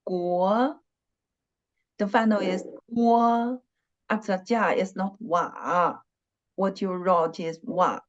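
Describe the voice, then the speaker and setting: Slow, patient woman teaching a language class. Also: medium pitch, dull audio. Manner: slow, patient, repeats syllables and tones many times. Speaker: Chinese teacher. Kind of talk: online language lesson.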